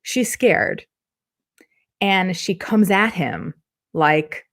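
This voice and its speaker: A middle-aged woman relationship coach answering interview questions in a lively way, acting out her clients' voices as she tells stories. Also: medium pitch, slow, long pauses. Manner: animated, acts out quoted clients in different voices.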